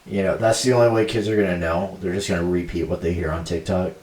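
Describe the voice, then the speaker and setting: A man's voice: low voice, steady tone, quick pace, a little mellow, recorded from a distance. A young man co-hosting a podcast in casual chat, rambling with lots of fillers and laughing easily. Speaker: podcast co-host. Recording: roomy sound from off mic.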